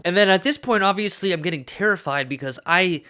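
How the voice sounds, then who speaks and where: A man vlogger telling a comedic story in a deadpan, self-important, mock-serious way. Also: high-pitched, fairly quick, hardly any pauses, clear, resonant tone.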